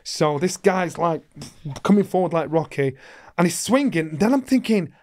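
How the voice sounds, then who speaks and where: Middle-aged man, raised pitch, vivid storyteller who voices the people in his tales. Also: lively intonation, moderate pace. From England. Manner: acts out voices in his stories, rising to shouts. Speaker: guest, former boxer. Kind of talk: animated storytelling.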